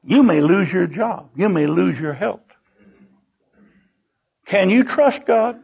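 An older man preaching a sermon in a church. He tells personal stories and bursts into animated exclamations. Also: high-pitched, takes it slowly, gravelly, slightly rough. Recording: dull lo-fi recording.

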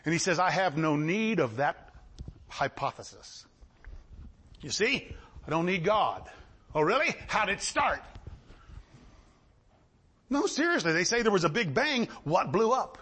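A man preaching a sermon, swinging between shouted lines and low asides. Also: big pitch swings, a little slow, long pauses, husky.

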